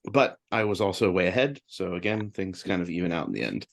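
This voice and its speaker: A man with a fairly low voice co-hosts a sports betting podcast. He runs through his picks in quick, upbeat bursts in a casual chatty tone. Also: very animated, vocal fry. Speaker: podcast co-host reading betting results.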